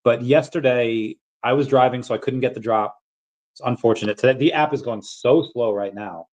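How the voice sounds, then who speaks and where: A man hosting a casual crypto livestream, rambling in a relaxed way with many fillers and bouts of hiccups. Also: medium pitch, normal speed. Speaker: crypto channel host.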